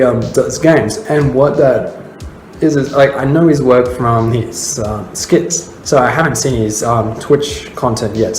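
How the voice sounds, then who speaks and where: Australian male host, casual commentary with lots of fillers, mid pitch. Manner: rambling, many fillers. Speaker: host reviewing viewer memes. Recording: roomy with faint music.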